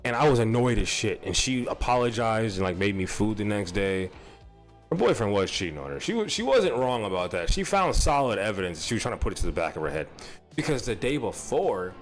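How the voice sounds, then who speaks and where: A young man telling a rambling, profane story on a live stream, repeating himself as he goes. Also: fairly low pitch. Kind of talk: casual storytelling.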